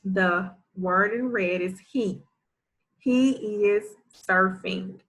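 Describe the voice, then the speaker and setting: Sounding out letters one by one in a first grade phonics lesson, a woman speaks very slowly in a medium-pitched, fairly bright voice. She's encouraging and praises the children often.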